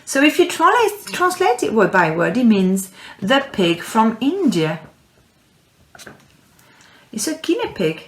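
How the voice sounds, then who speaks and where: A woman teaching French words to young pupils, speaking slowly and patiently and stretching words out for them to repeat. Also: on the high side, very animated, roomy sound. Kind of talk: slow, clear classroom instruction.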